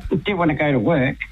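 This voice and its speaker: An older woman telling her story as a radio guest, animated and laughing often. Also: sits low, narrow, tinny audio, noisy background. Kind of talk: casual phone-in chat.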